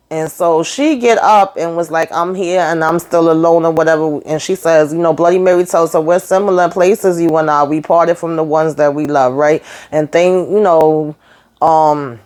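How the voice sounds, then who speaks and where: A woman's voice: sits low, a little mellow. Sassy woman recapping a TV episode. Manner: sassy, emphatic, slangy storytelling; tags lines with "okay?" and "baby". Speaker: TV show reviewer.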